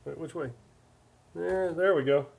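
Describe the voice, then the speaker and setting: A man's voice: on the high side, a little slow, gravelly, a little mellow, slightly rough. A man in his forties hosting a live stream, chatting casually and reading viewer comments aloud in a rambling way. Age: 40s. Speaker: livestream host.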